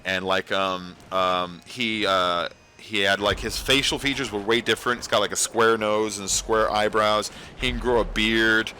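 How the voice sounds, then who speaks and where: Bright-voiced man rambling to his chat. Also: fairly low pitch, steady tone, unhurried, a little hiss or hum. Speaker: livestream host. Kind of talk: casual livestream chat.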